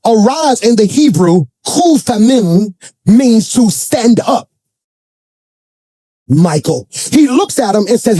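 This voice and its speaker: A man preaching a sermon to a congregation in church, swinging between shouted, sing-song lines and folksy, colloquial storytelling with asides. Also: high voice, very animated, slow, no echo. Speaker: pastor.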